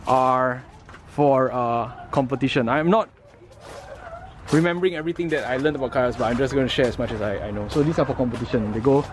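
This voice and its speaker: A man walks viewers through the gear at an outdoor water sports centre. He talks at a middling pitch and fixes his own words as he goes. His explanations come casually, step by step. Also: fairly quick. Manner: explains step by step, with fillers and self-corrections. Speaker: vlogger. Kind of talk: casual explaining vlog narration.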